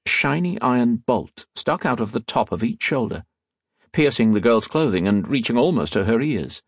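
Speaking at medium pitch, a man narrates an audiobook with measured, expressive storytelling. The studio sound is clean, without room sound.

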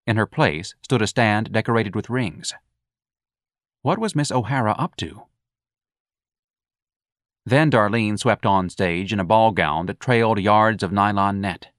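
A man's voice: fairly low pitch, fairly bright tone, no room sound, clean studio sound. A man reading a novel aloud as an audiobook narrator, telling the story expressively. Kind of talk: scripted narration.

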